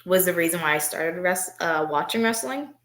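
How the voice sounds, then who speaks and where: A young woman wrestler answering interview questions in a soft, hesitant way, with many fillers. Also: on the low side, lively intonation, normal speed, reverberant. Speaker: wrestler guest.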